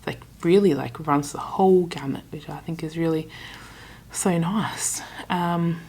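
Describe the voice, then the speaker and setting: Chatty low-voiced Australian woman vlogging. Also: warm tone, husky. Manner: chatty, retells conversations with quick asides. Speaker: travel vlogger. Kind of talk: casual vlog storytelling.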